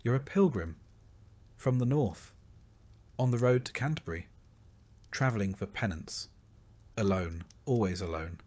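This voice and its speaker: Male narrator, lower register, soft and unhurried second-person sleep-story read. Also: lively intonation. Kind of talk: slow, calm scripted sleep narration.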